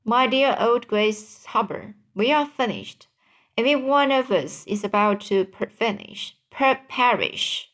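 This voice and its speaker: A slow, mournful storybook earthworm, blind and certain that everything ends in disaster, as a woman reads him aloud. His complaints drag along at an unhurried pace. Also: fairly high pitch, a bit bright. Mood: gloomy. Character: gloomy blind male earthworm, doom-saying.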